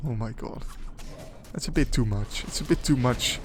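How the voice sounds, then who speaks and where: A young man rambling and muttering to himself while playing a game, trailing off into quiet asides and swearing when things go wrong, with music behind him. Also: medium pitch, moderate pace, slight background noise. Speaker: gaming channel host. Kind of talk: casual let's-play commentary. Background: background music.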